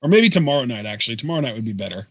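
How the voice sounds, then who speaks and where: Easygoing man, dry close sound, lively tone. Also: medium pitch, rapid-fire, dry recording. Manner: easygoing, explains things, laughs often. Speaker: co-host of a live wrestling reaction show. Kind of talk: casual chat.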